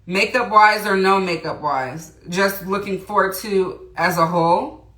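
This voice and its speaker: A woman's voice: mid-range voice, measured pace, a bit bright. A woman hosting a casual makeup tutorial livestream, chatting with viewers, greeting them by name and reading their comments aloud. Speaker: beauty livestream host. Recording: roomy echo.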